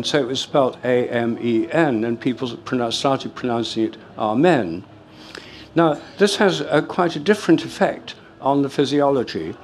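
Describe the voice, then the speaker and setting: An older man lectures to a live audience in a hall, his pitch in an ordinary middle register. He explains things in a measured way, stopping for fillers and restarting his phrases. A faint hum of the room sits behind him. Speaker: speaker giving a talk.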